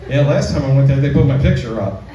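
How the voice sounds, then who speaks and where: A man performing a live stand-up comedy set, telling stories in a slow, drawn-out way and switching into high, squealing voices when he quotes the women. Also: animated, warm tone, dull audio, slight background noise. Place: small comedy club stage. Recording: distant mic in an echoey club.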